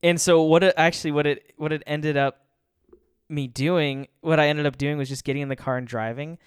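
A man's voice: on the high side, steady tone, brisk, smooth, no room sound. Guy rambling thru a faith talk, laughs a lot, dry close sound. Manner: chuckles often, rambles with restarts. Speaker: speaker giving a faith talk.

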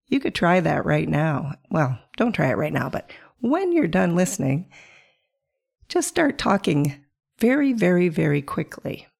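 A woman hosting a reflective solo podcast, calm and coaching, sounding hoarse from a chest virus. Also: lowish voice, unhurried. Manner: calm, coaching, asks the listener questions. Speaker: podcast host.

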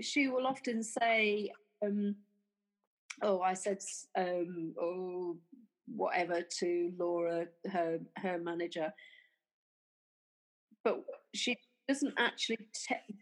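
A woman's voice: medium pitch, rough recording. Woman retelling a workplace row. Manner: retells arguments by acting out quoted dialogue; halting, with fillers and restarts. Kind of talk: casual conversational storytelling.

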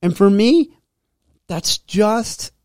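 A man's voice: sits high, lively intonation, drawn-out words, darkish tone, dry recording, clean studio sound. A middle-aged man hosting a solo podcast, talking in an emphatic, frustrated, preachy way about habits and self-improvement. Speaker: podcast host. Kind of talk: solo motivational monologue.

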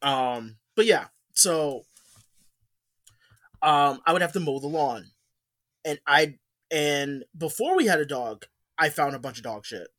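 A man's voice: on the high side, animated, measured pace, long pauses, a bit bright. A man telling a story in casual podcast chat, rambling with many fillers and restarts. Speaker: podcast co-host.

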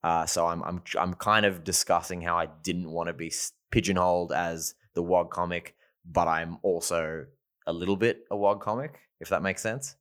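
A man's voice: low voice, steady tone, normal speed, a bit bright. A man, a stand-up comedian chatting casually and often restarting his sentences. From Australia. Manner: hesitant, repeats words when starting a thought. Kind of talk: casual podcast chat.

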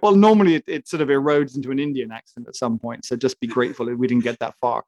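A man's voice: medium pitch, fairly even intonation, fast, a little mellow, dry recording. Emphatic ranting man, dry sound. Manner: emphatic, ranting, comically indignant. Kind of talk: casual opinionated chat.

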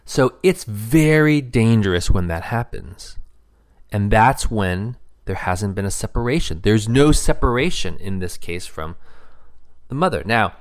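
A middle-aged man with a lowish voice talks earnestly about marriage. He thinks aloud, pausing on fillers as he works through his points. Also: animated. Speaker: marriage speaker. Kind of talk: reflective personal talk.

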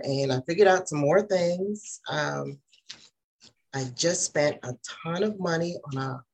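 Low-voiced middle-aged woman therapist. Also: husky. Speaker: therapist in private practice, program participant. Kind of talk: casual group Q&A.

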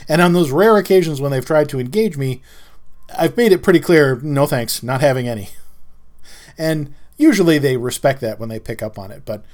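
A man's voice: on the high side, animated, a little fast, darkish tone. A middle-aged man hosting a podcast, telling a story in a casual, wry and rambling way that often doubles back on itself. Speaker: podcast host. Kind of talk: casual monologue.

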